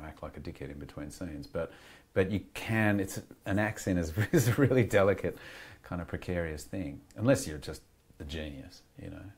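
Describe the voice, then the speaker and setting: A man's voice: deep voice, breathy edge. An Australian man, a guest actor, talking candidly and reflectively in a casual interview. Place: podcast studio.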